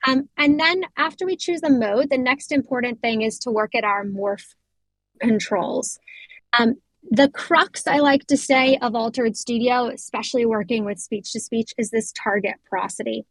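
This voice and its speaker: An American woman demonstrating voice software step by step, explaining as she clicks, with fillers and quick self-corrections. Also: a little high, no echo, poor audio. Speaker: product demonstrator. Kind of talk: software demo walkthrough.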